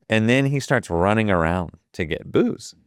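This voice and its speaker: A man's voice: on the low side, animated, unhurried, clean tone, no room sound, clean studio sound. A man in his fifties from Ohio, a guest telling a story with lots of profanity and acted-out quotes. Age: 50s. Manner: profane, vivid retelling that acts out the quoted dialogue. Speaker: guest, photographer. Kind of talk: casual storytelling.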